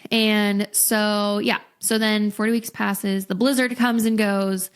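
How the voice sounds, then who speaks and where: A young adult woman, a podcast guest, telling a personal story in a candid, expressive way and acting out what people said. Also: medium pitch, slow pace, clean tone. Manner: candid, expressive, acts out quotes. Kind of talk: casual storytelling.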